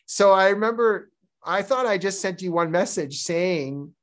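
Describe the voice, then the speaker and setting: A man in his forties from Toronto, Canada, with a Canadian accent, a podcast guest who tells stories quickly and laughs at himself. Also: high-pitched, expressive. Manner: self-deprecating, laughing, quick storytelling. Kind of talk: casual interview chat.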